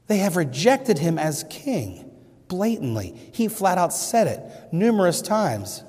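This pastor's voice is high, husky and darkish, very animated yet slow, echoing with the long reverb of a hall. Earnest throughout his sermon, he rises with emphasis each time he quotes scripture.

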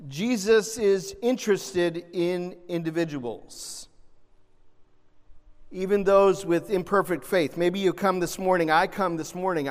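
Man preaching, animated sermon, loud emphasis and hushed asides, high voice, long hall reverb. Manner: animated, shifts between loud emphasis and soft gentle asides.

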